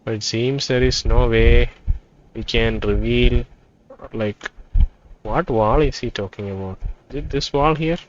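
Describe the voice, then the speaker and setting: A man playing a role-playing game, reading its text aloud and thinking out loud about what he finds. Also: medium pitch, measured pace, long pauses, lo-fi sound, a little hiss or hum. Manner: thinking aloud, reads dialogue in quoted turns. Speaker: let's play gamer.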